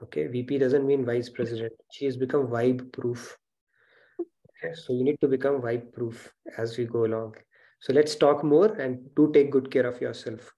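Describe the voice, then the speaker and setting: A man's voice: medium pitch, fairly even intonation, normal speed, warm tone. A man hosting an online spiritual class over a video call, talking in an encouraging, reassuring way. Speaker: spiritual teacher and session host. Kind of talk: casual online class talk.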